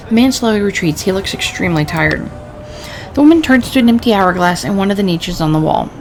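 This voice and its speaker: A woman's voice: mid-range voice, quick pace, creaky. A woman gamer reading a story game's narration aloud in a casual way. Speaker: let's-play gamer. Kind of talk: reading game text aloud. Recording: steady background noise.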